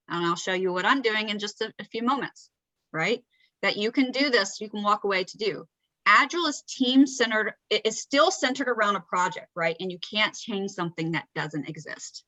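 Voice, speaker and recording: A woman's voice: mid-range voice, pushed and bright, dry recording, poor audio. A woman with a Southern accent giving a conversational talk, often checking in with "right?". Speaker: presenter. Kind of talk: presenting a talk.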